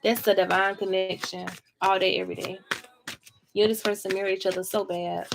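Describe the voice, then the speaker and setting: A woman's voice: mid-range voice, level tone, fairly quick, creaky, very noisy. A woman giving a casual tarot reading to camera, talking in a blunt, chatty way with plenty of swearing. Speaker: tarot reader.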